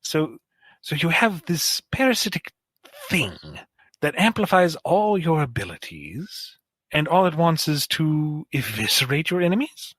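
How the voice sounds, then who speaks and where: A man's voice: a little high, big pitch swings, unhurried, a bit bright, slightly rough, no room sound, heavily acted. A man putting on a gleeful amoral duck scientist. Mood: eager. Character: scheming mad-scientist male duck, amoral and eager.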